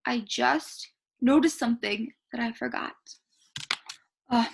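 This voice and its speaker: A woman teaching a remote writing lesson to kindergarteners, speaking slowly in a sing-song, encouraging teacher voice to young children. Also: on the high side, creaky, breathy edge. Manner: slow, sing-song teacher talk addressed to small children.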